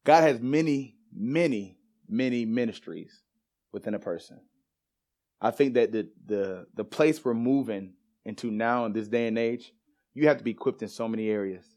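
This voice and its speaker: A man's voice: mid-range voice, normal speed, darkish tone. A man preaching in a church, telling a personal story with laughter and casual slang before turning to scripture. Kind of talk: storytelling sermon. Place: church sanctuary.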